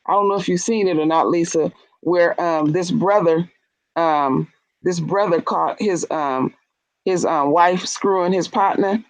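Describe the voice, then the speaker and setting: A woman's voice: on the low side, unhurried, no echo, low-quality recording. A woman in casual chat, telling stories bluntly and animatedly with frank, salty language.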